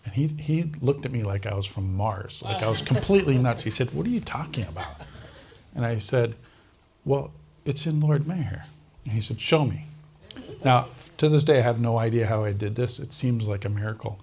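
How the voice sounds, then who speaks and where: This is a man recounting a personal story in a conversational interview. His pitch sits at an ordinary middle level for a man. He tells the story animatedly, acting out the other speakers' lines and breaking into laughter often. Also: lively intonation, moderate pace, vocal fry, a little mellow. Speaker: interview guest.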